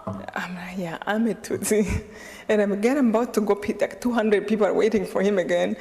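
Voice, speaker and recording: A woman from Rwanda tells her story to a live audience as a guest speaker, laughing often and playing out both sides of a conversation. Her voice sits at a middle pitch and trails into the long reverb of a lecture hall. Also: brisk, creaky. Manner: lively, laughing often, acting out dialogue.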